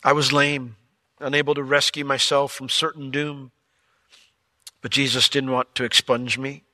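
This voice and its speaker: Lively pastor preaching with playful asides. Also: male voice, mid-range voice, normal speed, no echo, studio quality. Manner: animated storytelling with playful asides. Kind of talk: sermon.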